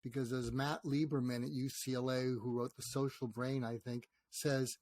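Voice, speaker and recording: An older man with a voice of middling pitch, talking as an interview guest. He tells stories with energy and slips into the voices of the people he describes. The sound is dry and close to the mic. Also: moderate pace, no room sound. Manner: animated storyteller, acts out quoted dialogue. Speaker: guest psychiatrist and author. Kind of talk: conversational interview.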